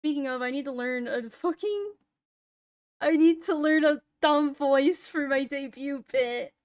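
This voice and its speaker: A woman's voice: sits high, measured pace, darkish tone, dry recording. A young woman streamer chatting casually, laughing, swearing freely and joking at her own expense. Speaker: VTuber streamer.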